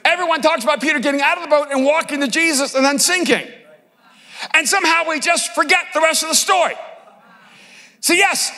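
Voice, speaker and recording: Middle-aged pastor guy, really high bright voice, jokey animated sermon, big echoey hall. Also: moderate pace, pauses often. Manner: animated, humorous storytelling with sudden shouts. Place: large conference hall. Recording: long hall reverb.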